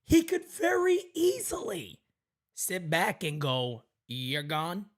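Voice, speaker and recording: A man's voice: high voice, huge pitch swings, slow, slightly rough. A man hosting a sports talk podcast, making his points emphatically and repeating them for weight. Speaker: host.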